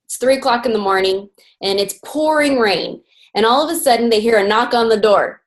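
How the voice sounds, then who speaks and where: A woman's voice: on the high side, a little fast. An upbeat woman hosting a video call, telling a joke in a casual, chatty way. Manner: upbeat, tells a joke with acted voices. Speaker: call host.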